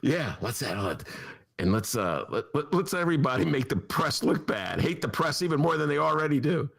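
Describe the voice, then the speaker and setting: A man's voice: on the high side, very animated, normal speed, gravelly, a bit bright, breathy edge. A man hosting a podcast in casual chat, rambling through tangents with a self-mocking storyteller's manner. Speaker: podcast host.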